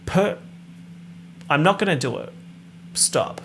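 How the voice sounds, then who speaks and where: A man's voice: medium pitch, moderate pace, vocal fry, fairly bright tone, a little hiss or hum. A young man hosting a casual podcast, reading out a plot summary with sarcastic asides. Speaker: podcast host.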